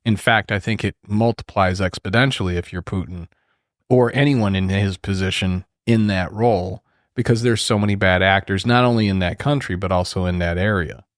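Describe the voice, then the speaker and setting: A man's voice: sits low, moderate pace, dry recording, clean studio sound. A man co-hosting a casual podcast, talking loosely with lots of fillers and laughing easily. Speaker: podcast co-host. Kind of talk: casual chat.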